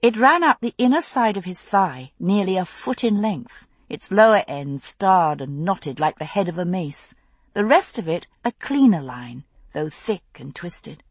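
Lady reading a novel, husky lowish voice, pitch swings a lot, dry close mic. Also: unhurried, no room sound. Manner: expressive, intense storytelling. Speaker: audiobook narrator. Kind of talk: novel narration.

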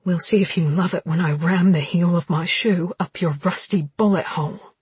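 A woman voicing a fiery young woman in an audiobook, snapping out sharp, indignant outbursts in a husky voice. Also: fairly low pitch, steady tone, normal speed, dry recording. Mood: angry.

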